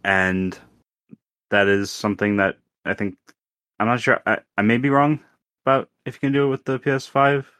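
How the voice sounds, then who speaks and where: A man with a slightly low voice talks on a gaming podcast, stopping and restarting his sentences as he works out what he means. The sound is dry and close, with no room around it. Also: steady tone, fairly bright tone, no echo. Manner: halting, many restarts and fillers. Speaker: podcast co-host. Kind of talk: casual chat.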